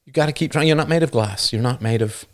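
A man with a medium-pitched voice talks fast as he hosts a livestream, delivering a casual, emphatic monologue into a new studio microphone. He keeps tagging his points with "right?"

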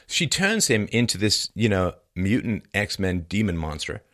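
Man, lower voice, very animated pitch, sarcastic, mocking, emphatic monologue. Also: a little slow. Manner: emphatic, repeats for stress. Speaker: commentator. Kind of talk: opinionated monologue.

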